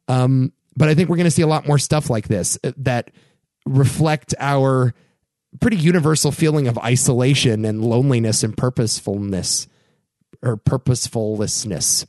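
A young man hosting his own podcast, talking casually and getting worked up into animated rants about pop culture. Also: moderate pace, no echo, studio quality. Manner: animated, ranting, rising pitch when worked up. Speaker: podcast host. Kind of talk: casual solo podcast commentary.

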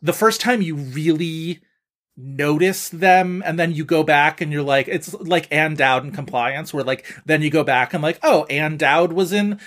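Guy on a movie podcast, kinda high voice, rambles a lot with likes and ums. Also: measured pace, a bit bright. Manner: rambling, lots of filler words. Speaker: podcast co-host. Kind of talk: casual film-review chat.

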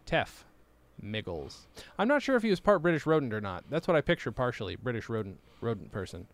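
A man's voice: mid-range voice, very animated, fairly quick. A man in his thirties in casual chat with a friend, reading old writing aloud and wandering into absurd, silly bits. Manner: absurd rambling, silly put-on voices. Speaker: podcast co-host.

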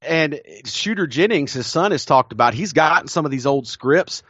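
A man's voice: on the high side, animated, moderate pace, fairly bright tone, husky, no echo, muffled recording. Dry-sounding Southern man telling stories. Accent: Southern American. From American South. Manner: enthusiastic storyteller, laughs often. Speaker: podcast co-host. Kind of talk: casual chat.

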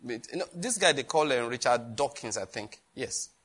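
A man preaching a sermon, lively, with laughter and questions thrown to the congregation. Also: medium pitch, normal speed, breathy edge. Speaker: pastor.

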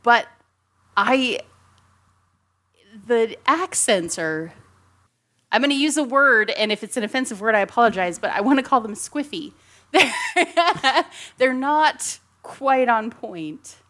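A woman's voice: on the high side, expressive, takes it slowly, pauses often, fairly bright tone. A woman co-hosting a casual film discussion, chatty and rambling, giggling often between her points. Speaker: podcast co-host.

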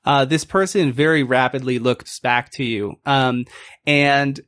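A man's voice: mid-range voice, fairly even intonation, measured pace, fairly bright tone, clear, resonant tone, no echo. A man narrating as game master in a casual, meandering way, full of fillers. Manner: casual, filler-heavy, laughing asides.

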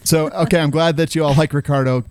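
A man's voice: a little high, steady tone, fast, darkish tone, clean tone, no room sound. Laid-back male podcast host, dry sound. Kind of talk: casual chat.

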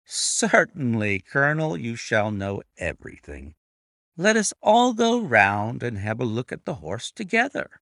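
A man reads a cool, self-assured detective in a storybook reading, speaking with unhurried composure. The voice is dry and close, with a lively lilt in the phrasing. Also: mid-range voice, gravelly, no echo, heavily acted. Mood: pleased. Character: calm, imperturbable male detective, middle-aged.

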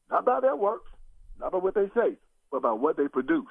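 An older man talking politics as a guest, preacherly and emphatic, his pitch rising in big sweeps as he presses each point. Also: very animated, fairly quick, creaky, husky, no room sound. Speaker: guest commentator. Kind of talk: political talk show conversation. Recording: tinny phone line.

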